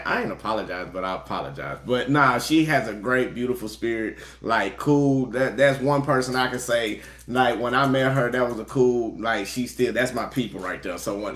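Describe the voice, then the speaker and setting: A man, a tarot reader chatting casually and giving shout-outs before a reading, laid-back and quick to laugh. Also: mid-range voice. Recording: roomy echo.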